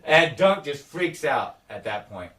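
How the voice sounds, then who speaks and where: Animated swearing man, roomy distant sound. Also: medium pitch, a little slow, a crowd in the background. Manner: animated, acts out characters' lines, swears often. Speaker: podcast co-host. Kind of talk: casual chat recapping a TV episode.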